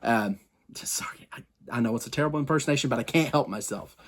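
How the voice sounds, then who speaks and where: A man's voice: mid-range voice, fast talker. A man hosting his own wrestling history show, talking casually to viewers with lots of asides, self-corrections and strong opinions. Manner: rambling and chatty, with frequent asides and self-corrections; opinionated, addresses viewers directly. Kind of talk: casual history talk to camera.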